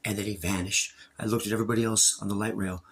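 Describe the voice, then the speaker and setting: A man's voice: on the low side, little pitch movement, fairly bright tone, breathy edge, rough recording. A man earnestly recounting a strange personal encounter as a story. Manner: earnest, fast-talking testimony.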